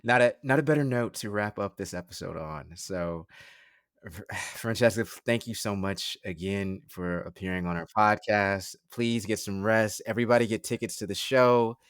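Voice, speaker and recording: A man hosting a podcast, speaking in a halting, earnest way with many pauses. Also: on the low side, clean tone, no echo, studio quality. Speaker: podcast host. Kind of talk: casual podcast chat.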